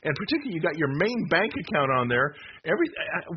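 A man's voice: on the high side, quick pace, hardly any pauses. A middle-aged man giving a rambling slide presentation, emphatic, with self-deprecating jokes and many restarts. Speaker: presenter of a talk. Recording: muffled with steady background noise.

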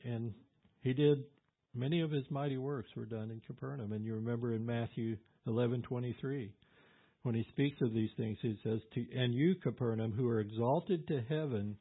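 A man in the role of pastor, teaching through a Bible passage in a relaxed, conversational way with fillers and asides. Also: mid-range voice, breathy edge. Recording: tinny phone-like audio.

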